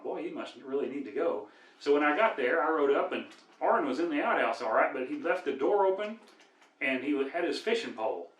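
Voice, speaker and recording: An older man with a Midwestern accent spins folksy tall tales in a dry, deadpan delivery. His voice sits at an average pitch. He is recorded from a distance in an echoey room. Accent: American Midwest. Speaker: storyteller and cowboy singer. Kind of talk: folksy joke telling.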